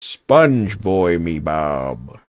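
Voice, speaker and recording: A man putting on a gruff old cartoon crab captain, growly pirate arrs, low and slow, close dry sound. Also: big pitch swings, no room sound, full character voice. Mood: piratey. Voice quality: growly pirate "arr" mannerism.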